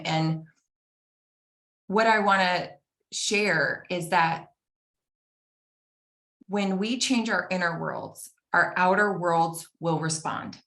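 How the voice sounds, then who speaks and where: A woman's voice: fairly low pitch, slow, pauses often. Earnest woman telling a story, echoey room. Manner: earnest, animated, acts out quoted dialogue. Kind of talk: personal storytelling talk.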